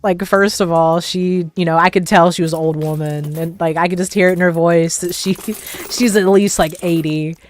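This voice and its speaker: A young woman hosts a livestream, telling casual stories in a lowish voice. She rambles, leans heavily on fillers and laughs often. Her delivery is loose and chatty. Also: steady tone, moderate pace. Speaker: livestream host. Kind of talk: casual storytelling.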